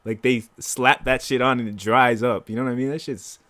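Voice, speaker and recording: A young man co-hosting a podcast in casual chat, animated and swearing freely, often breaking into laughter. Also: medium pitch, brisk. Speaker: podcast co-host.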